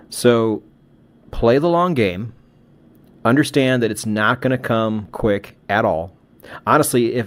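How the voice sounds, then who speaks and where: A middle-aged man co-hosting a casual podcast conversation, talking reflectively and giving advice with frequent restarts. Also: mid-range voice. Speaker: podcast co-host.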